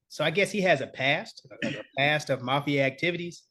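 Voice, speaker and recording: A man's voice: fairly high pitch, fairly quick, hardly any pauses, pushed and bright. A man co-hosting a podcast, telling a story in casual, profane chat and laughing often. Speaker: podcast co-host.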